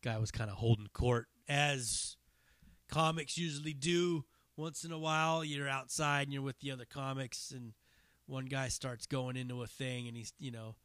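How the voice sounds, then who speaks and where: A man rambling through a story on his solo podcast, loose and profane, circling back and restarting his sentences as he goes. His voice is bright and forward, and the sound is dry and close with no room around it. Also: medium pitch, fairly even intonation, moderate pace, no echo. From Northern California. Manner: loose, profane, digressive, with many fillers and restarts. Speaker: podcast host and stand-up comic.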